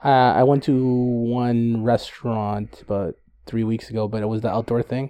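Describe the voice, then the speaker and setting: A man's voice: mid-range voice, level tone, moderate pace, warm tone, no room sound. A man co-hosting a podcast in casual chat who hesitates and restarts often. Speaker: podcast co-host.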